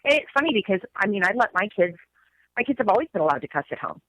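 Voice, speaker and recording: A woman's voice: medium pitch, very animated, rapid-fire, fairly bright tone, no room sound, rough recording. A middle-aged woman, co-hosting a podcast in casual chat, enthusiastic and laughing easily. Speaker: podcast co-host.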